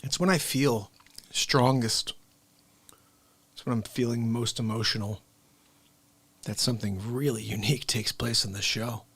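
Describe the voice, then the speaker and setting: A man hosting a live show in casual chat, rambling and soft-spoken. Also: medium pitch, steady tone, a little slow, pauses often, husky.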